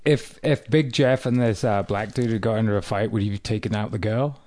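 A man's voice: on the low side, fairly even intonation, fairly quick, darkish tone. A man as a guest co-host on a podcast, making wry, teasing remarks in casual chat.

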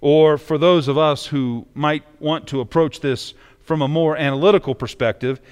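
A man's voice: a little high, steady tone, moderate pace, smooth. Preaching man in a reverberant sanctuary. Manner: reads scripture then preaches conversationally with emphatic inflection. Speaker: pastor. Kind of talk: sermon.

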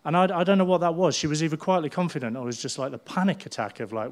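A man's voice: on the high side, animated, fast, few pauses. A middle-aged man preaching a sermon with chatty, humorous storytelling. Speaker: pastor.

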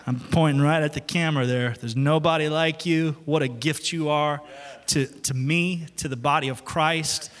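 A man preaching a sermon, his voice high and ringing. He tells stories and acts out the quotes with lively energy. The sound carries a long reverb from a large church hall. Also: moderate pace. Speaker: pastor.

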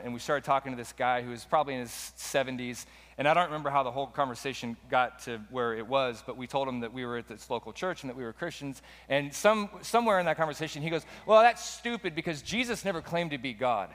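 Man, sermon, casual storytelling, mid pitch, long hall reverb. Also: a bit bright. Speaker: preacher.

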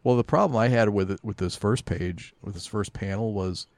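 Low-voiced laid-back man. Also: moderate pace, darkish tone, no echo. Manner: laid-back, agreeing, chiming in. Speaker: podcast co-host. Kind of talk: casual comic review chat.

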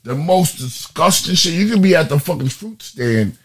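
A man's voice: a little high, lively intonation, normal speed, husky. A man hosting a casual chat, talking loosely with profanity and frequent restarts.

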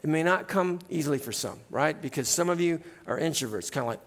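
A middle-aged male pastor preaching in a church, in a relaxed conversational way, often tagging "right?" onto his points. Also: fairly high pitch, fast talker, big-room sound. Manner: conversational, keeps adding "right?". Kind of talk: sermon. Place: church sanctuary.

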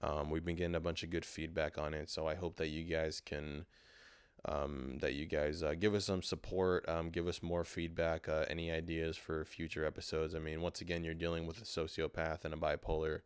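A man hosting a solo podcast, rambling in a frustrated, swearing, low-energy way while talking into a portable recorder. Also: level tone, fairly quick, clear, resonant tone, no room sound, studio quality. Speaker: podcast host. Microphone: handheld portable recorder.

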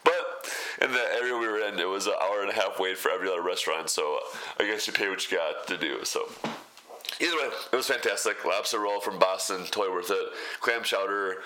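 A man's voice: on the low side, fairly quick, pushed and bright, slight background noise. A young man narrating a casual food vlog, chatty and laid-back, who laughs often. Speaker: food vlogger.

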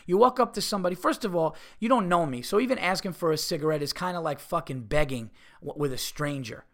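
A man's voice: on the high side, fast talker. A man hosting a podcast, delivering a comedic rant with profane, fired-up energy. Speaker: podcast host.

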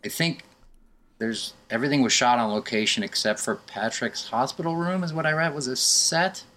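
A man's voice: mid-range voice, normal speed, pushed and bright. A man co-hosting a casual movie chat, rambling and laughing often. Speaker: podcast co-host.

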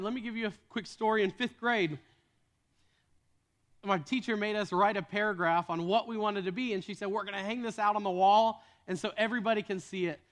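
Young male preacher, high voice, earnest, stumbles and restarts, sermon delivery. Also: bright, forceful tone. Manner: earnest, repeats words when starting sentences. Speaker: pastor.

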